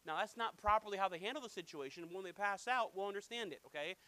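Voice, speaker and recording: A man's voice: high voice, quick pace, pushed and bright, rough recording. A man preaching as a pastor, emphatic and repetitive, telling stories from his own life. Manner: emphatic, repetitive, anecdotal storytelling. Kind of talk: sermon.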